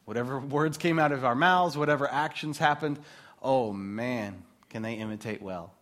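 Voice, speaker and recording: A man in his thirties, a pastor, preaching a sermon in a conversational, animated way with casual asides. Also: mid-range voice, normal speed.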